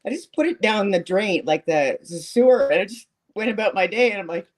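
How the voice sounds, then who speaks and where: Lively, laid-back storyteller. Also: mid-range voice, brisk. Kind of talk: casual banter.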